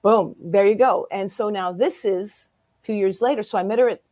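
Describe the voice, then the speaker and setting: A woman in her sixties, a guest in an interview, telling her story in a lively way and acting out what other people said. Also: medium pitch, normal speed, no echo. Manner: lively storyteller who acts out quoted voices.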